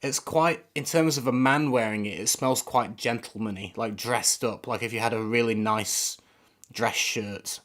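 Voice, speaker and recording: A man's voice: mid-range voice, measured pace, a bit bright. A man giving casual, rambling first impressions of fragrances on a live stream, often searching for words. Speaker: fragrance reviewer.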